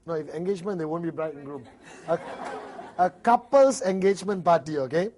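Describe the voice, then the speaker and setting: A man's voice: a little high, animated, fairly quick, a little mellow, slight background noise. A man with a Malaysian English accent giving a motivational network marketing seminar, acting out little dialogues and often laughing.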